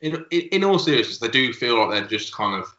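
A man's voice: medium pitch, sing-song, fast, sharp tone. A man co-hosting a casual podcast, laid-back, often stumbling and repeating his words. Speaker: podcast co-host. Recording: dull lo-fi sound in an echoey room.

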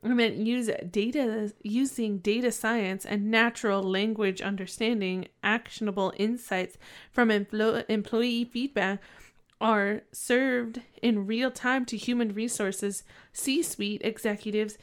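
A woman's voice: fairly even intonation, a little slow. Giggly, chatty woman co-host. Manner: giggly and playful, then reads product details in a lower, quieter tone. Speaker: podcast co-host. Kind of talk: casual business chat.

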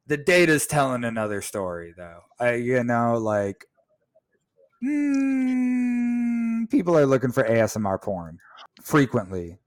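Man, co-host, casual chat, joking, teasing, middle pitch. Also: expressive, normal speed. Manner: joking, teasing, repeats his point. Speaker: podcast co-host.

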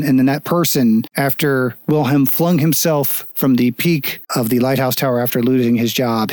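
A man running a tabletop game as game master, giving brisk, matter-of-fact rulings. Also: mid-range voice, a little mellow, dry recording.

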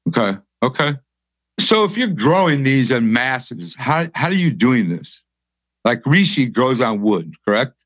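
A man's voice: medium pitch, sing-song, a little slow, fairly bright tone, dry recording. A man hosting an interview, enthusiastic and asking questions, often stumbling over his words. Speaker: podcast host. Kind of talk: conversational interview.

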